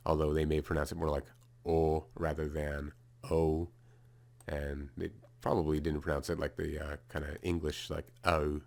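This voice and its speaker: A man casually explaining a writing system, thinking aloud and sounding out letters one by one. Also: deep voice. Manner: casual, thinking aloud, fillers and restarts while sounding out runes. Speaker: video creator explaining a rune spelling system.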